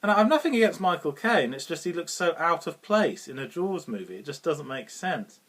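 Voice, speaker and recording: A man with a British accent talks through a film review off the cuff. He chuckles often, fills pauses with "um" and restarts his sentences. His pitch rises and falls in a lively way. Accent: British English. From Britain. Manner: rambling, chuckling often, with many fillers and restarts. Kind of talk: casual unscripted film review.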